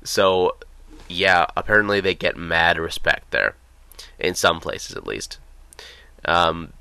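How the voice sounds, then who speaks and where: A man's voice: deep voice, sing-song, slow pace, vocal fry, bright, forceful tone, clean tone, no room sound. A young American man telling casual, rambling stories in a chatty way, with many fillers. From United States. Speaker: vlogger. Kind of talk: casual storytelling.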